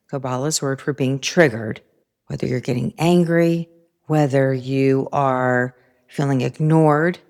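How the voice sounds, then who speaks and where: A middle-aged woman speaks in a low, grounded voice, hosting a spiritual self-help talk. She is calm and reflective and weaves in personal stories as she goes. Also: clean tone. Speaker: host.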